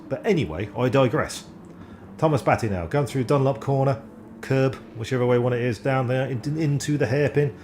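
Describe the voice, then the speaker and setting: A man calling a sim race live at an ordinary mid pitch, his delivery excitable and self-deprecating. He trips over driver names and laughs it off. A faint hum of game noise sits behind his voice. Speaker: sim racing commentator. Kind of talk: live sim racing commentary.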